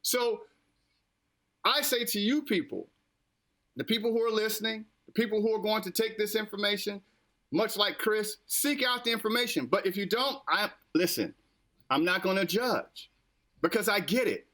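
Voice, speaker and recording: An American man hosts a casual political podcast in a high, bright voice. He repeats himself and lectures the audience directly, like a man giving a sermon. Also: normal speed. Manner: preachy, repetitive, addresses listeners directly. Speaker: podcast host.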